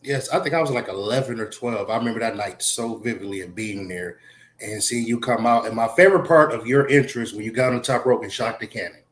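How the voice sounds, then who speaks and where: A man's voice: mid-range voice, a little fast, a little hiss or hum. A man hosting an interview, asking questions with a fan's enthusiasm. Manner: enthusiastic fan, asks direct questions. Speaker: host.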